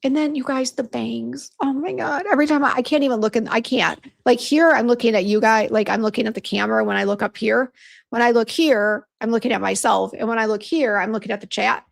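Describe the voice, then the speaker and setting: A woman in her fifties with a somewhat high voice and a gravelly, creaky edge. She talks frankly and chattily on a live stream, reading viewer comments aloud. She laughs at herself and often breaks into exclamations. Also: steady tone, a little fast. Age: 50s. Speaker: beauty brand owner hosting a live stream.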